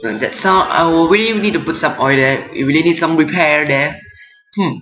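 A man's voice: fairly high pitch, normal speed, a bit bright. A man giving casual commentary while playing a horror game, chatting and reading game text aloud. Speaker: gameplay reaction streamer. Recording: echoey room.

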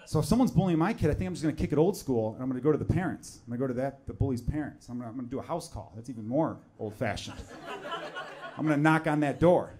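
A man, performing a stand-up comedy set on stage. He talks conversationally and jumps into loud, exaggerated voices when acting out other people. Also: mid-range voice, expressive, very fast, a little hiss or hum. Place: comedy club stage with laughing audience.

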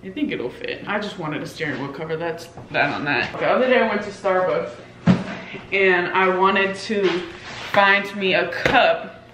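A woman's voice: lowish voice, moderate pace, background noise. A woman in her twenties chatting casually as a vlogger, full of fillers and swearing freely, talking into a handheld camera. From California. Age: 20s. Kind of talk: casual vlog chat.

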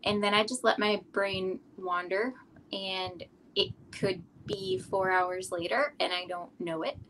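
Relaxed middle-aged woman, rambling chat. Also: mid-range voice, a little slow, a little hiss or hum, rough recording. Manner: relaxed, rambling, frequent ums. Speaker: artist guest. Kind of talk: casual interview chat.

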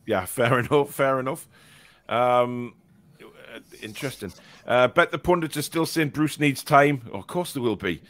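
A man hosting a live football fan show, with a bright, forceful voice at a middling pitch. He chats casually and laughs often, stumbling through fillers and restarts as he reads out viewer comments. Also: moderate pace. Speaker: fan podcast host.

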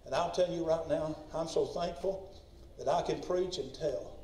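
A man preaching a sermon as pastor, impassioned and rising to shouts when he tells a story. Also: fairly high pitch, moderate pace, a little hiss or hum. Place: church sanctuary. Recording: echoey church from far off.

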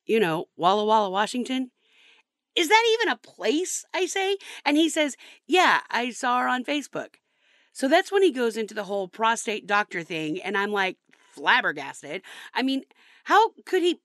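A woman's voice: fairly high pitch, big pitch swings, normal speed, fairly bright tone, no echo, clean studio sound. An actress playing a heartbroken young woman, telling her story in a bitter, sarcastic, rambling way. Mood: indignant. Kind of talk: comedy sketch acting.

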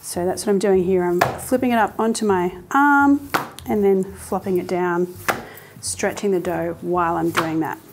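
A woman's voice: lowish voice, moderate pace, background noise. A woman hosting a cooking show, chatting casually and explaining each step in an upbeat way as she cooks in a kitchen. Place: home kitchen.

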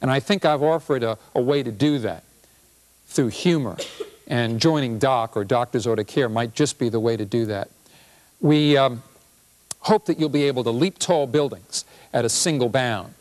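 A man, a physician and professor, giving a humorous public health talk with an animated, punchy delivery. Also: mid-range voice, normal speed.

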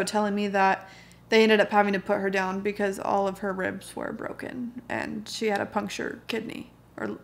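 A woman's voice: mid-range voice, gravelly. A young woman casually telling a story to camera, chatty and laughing as she goes. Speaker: vlogger.

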